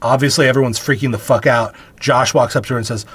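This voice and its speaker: A man's voice: medium pitch, steady tone, fast, a bit bright, husky. A man co-hosting a podcast, recapping a film with wry, sarcastic asides and casual swearing. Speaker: podcast co-host. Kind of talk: casual film-review chat.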